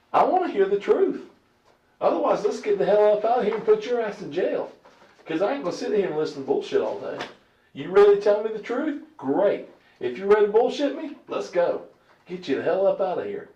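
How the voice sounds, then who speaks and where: In an interrogation room, a man playing a police detective grills a suspect, blunt, confrontational, and full of profanity. His voice is high-pitched with a warm tone. The recording is echoey and muffled, picked up from a distant mic.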